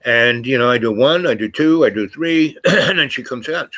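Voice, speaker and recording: A man's voice: medium pitch, moderate pace, sharp tone, no room sound. A man telling a personal story in a casual, meandering way, full of fillers and restarts.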